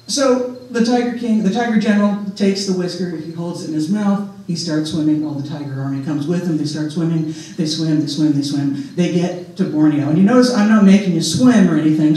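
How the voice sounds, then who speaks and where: A man telling a folk tale live to an audience, casual and full of joking asides. His voice is high yet mellow and warm. He is heard from well back in a large hall with a long, ringing echo. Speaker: storyteller. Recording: echoey hall, voice from far off.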